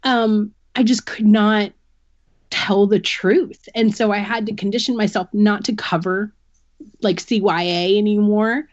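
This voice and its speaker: A woman's voice: medium pitch, steady tone, unhurried, dry recording, dull audio. A woman guest on a podcast, giving a candid personal account and explaining things earnestly through long analogies.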